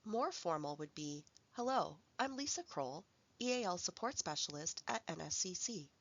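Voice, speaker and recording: A woman narrating a recorded language workshop, speaking clearly and carefully as she reads out example phrases. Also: lowish voice, big pitch swings, moderate pace, muffled recording. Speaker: language support instructor.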